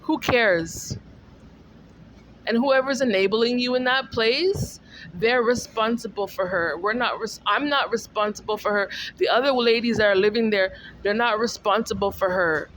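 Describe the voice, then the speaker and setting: A woman's voice: on the high side, normal speed, fairly bright tone, a little hiss or hum. A woman venting in a casual vlog monologue, ranting and repeating herself in exasperation. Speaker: vlogger.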